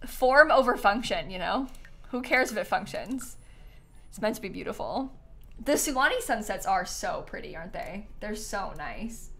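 A woman's voice: mid-range voice, animated, normal speed, a bit bright, breathy edge. A young woman doing casual live-stream commentary as she tours viewer builds, bubbly and giggly, gushing over what she sees.

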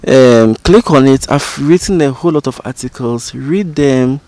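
Man explaining dialects slowly. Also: mid-range voice, darkish tone, dry recording. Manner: explains slowly, repeating example phrases. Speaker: language educator and channel host. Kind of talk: informal spoken lesson.

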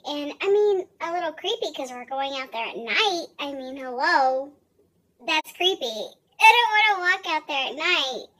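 High-voiced rambling young woman vlogger. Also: sharp tone, poor audio. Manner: rambling, sarcastic, giggly, swears freely. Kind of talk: casual chat to camera.

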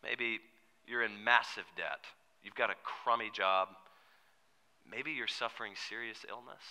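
A male pastor preaches earnestly in a church sanctuary. His voice is very bright and cutting, with a middle pitch, and at times he sinks to a hushed tone. The room adds a long, ringing reverb. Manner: earnest preaching, drops to soft hushed tones for emphasis. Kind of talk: sermon.

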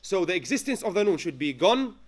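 A man teaching a Quran recitation class. He dictates notes slowly, asks the students frequent questions to check they follow, and chants verses as examples. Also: high-pitched, sing-song. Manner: chants Arabic verses when giving examples. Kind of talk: classroom lesson.

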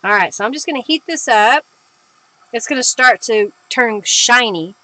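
Bright chatty woman crafting live. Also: fairly high pitch, animated, moderate pace, dry recording. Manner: chatty, reads out viewer comments with bursts of cheer. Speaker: crafting livestream host. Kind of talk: casual live crafting demo.

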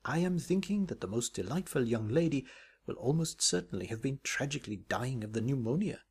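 Man doing a wordy schoolboy, flowery, earnest, slightly husky. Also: medium pitch, expressive, brisk, a little mellow. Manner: flowery, long-winded phrasing. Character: polite schoolboy with ornate, flowery speech.

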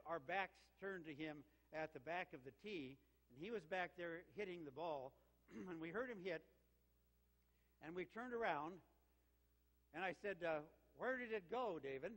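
An older man, an interim senior pastor, telling a story in a sermon with anecdotes. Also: a little high. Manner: warm storytelling with lively quoted exchanges. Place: church sanctuary. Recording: reverberant church sanctuary.

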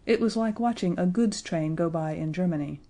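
A woman narrating a children's audiobook in a gentle, expressive way. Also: on the low side, moderate pace.

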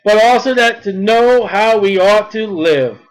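A man preaching a sermon, reading scripture slowly and then speaking emphatically. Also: high voice, poor audio.

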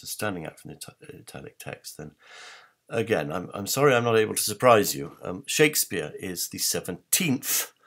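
A man walks his viewers through slides in a measured, wry tone, pausing to correct himself. His voice sits very low with a gravelly edge. He poses rhetorical questions to the audience as he goes. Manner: frequent hesitations and self-corrections. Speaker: presenter on authorship research. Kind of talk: illustrated talk walking through slides.

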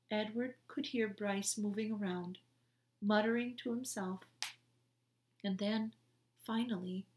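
A woman reading a children's chapter book aloud in a gentle, unhurried storytelling manner. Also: medium pitch. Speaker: storybook reader. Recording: roomy echo.

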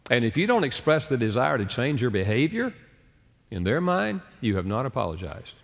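A man's voice: medium pitch, very animated, normal speed, gravelly. A man, an author and counselor, giving a storytelling talk and acting out the people he quotes. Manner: acts out quoted people with changed voices. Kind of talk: lecture with storytelling. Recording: long reverb of a large hall.

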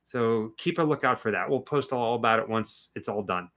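A man co-hosting a casual livestream, chatting loosely with many halting restarts and reading viewer comments aloud. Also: medium pitch, fairly bright tone. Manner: halting, restarts often, reads chat aloud. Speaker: co-host of a livestream watch party.

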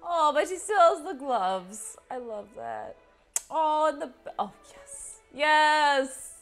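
A woman with a high, very lively voice gives excited reaction commentary on a show. She gasps, cheers, and swears loudly at the screen, and draws out her words slowly. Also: faint music behind. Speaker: reaction video host.

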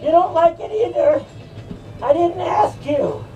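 A woman's voice: very high-pitched, animated, a little slow, mellow, lo-fi sound. A woman voicing a drunk, scornful male hypocrite preacher who taunts and brags in a rowdy comic rant. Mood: mocking. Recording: distant mic with faint music.

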